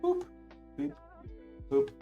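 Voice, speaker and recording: A man with a baritone voice hosting a casual painting livestream, chatty and jokey, thanking viewers as he works. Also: very slow, narrow, tinny audio, soft background music. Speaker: livestream host.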